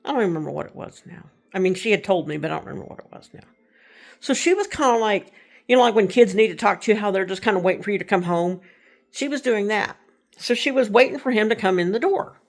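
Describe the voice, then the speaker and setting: A woman's voice: mid-range voice, expressive, quick pace. A middle-aged woman casually telling a personal ghost story, rambling and correcting herself as she goes. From Texas. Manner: rambling, self-correcting, conversational.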